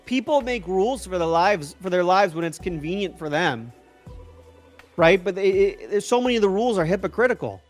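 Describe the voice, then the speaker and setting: A man chatting casually on a livestream and answering viewer questions, excitable and rambling. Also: sits high, a little fast, faint music behind. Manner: rambling and excitable, trailing off and restarting. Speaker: tech YouTuber answering live chat.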